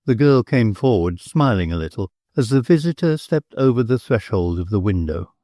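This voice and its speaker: A man narrating an audiobook in a measured, expressive storytelling manner on a close mic. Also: on the low side, no echo. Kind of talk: scripted narration.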